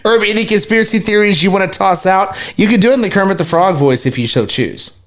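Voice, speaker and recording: A man's voice: high-pitched, quick pace. A man hosting a sports podcast, steering the chat casually and giving the sign-off. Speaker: podcast host.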